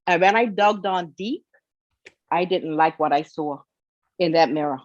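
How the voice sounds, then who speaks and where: A woman's voice: fairly low pitch, unhurried, no echo, dull audio. A woman guest telling her own story with emotion, tearful and pleading, repeating herself for emphasis. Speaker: interview guest.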